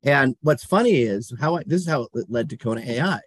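This is a middle-aged man guesting on an interview, his voice slightly husky and recorded close and dry. He tells his stories with animation, laughing now and then and acting out quotes. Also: medium pitch, expressive, a little fast, no echo. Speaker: guest, company CEO. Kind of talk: casual interview storytelling.

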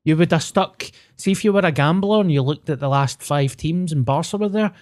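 A man's voice: on the high side, brisk, darkish tone. A young Scottish man in casual conversation, telling stories in a chatty way and swearing now and then. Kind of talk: casual chat.

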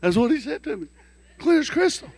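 A man preaching a sermon through folksy, joking stories, animated and lively. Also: extremely high pitch, brisk, gravelly, dry recording. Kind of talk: storytelling sermon.

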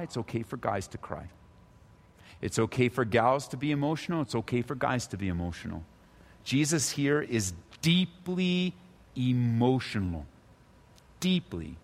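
A male pastor preaching a sermon, his voice swinging between loud, high emphasis and low, hushed stretches. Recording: long reverb of a large hall.

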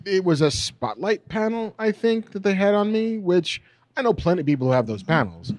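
A middle-aged man co-hosting a podcast, rambling through a story with lots of fillers. His voice is slightly high and very animated. The sound is dry and close. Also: fairly quick, dry recording. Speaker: podcast co-host. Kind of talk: casual chat.

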